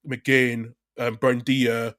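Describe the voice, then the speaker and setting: A man's voice: mid-range voice, little pitch movement, drawn-out words, fairly bright tone, slight background noise. A man co-hosting a casual football podcast, rambling through his points with fillers and restarts. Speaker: podcast co-host.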